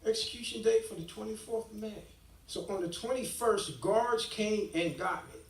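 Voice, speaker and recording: A man in his sixties giving a church testimony, an animated storyteller who acts out the dialogue he quotes. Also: high voice, moderate pace. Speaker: guest speaker giving testimony. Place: church hall, live stream. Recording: echoey hall, distant mic.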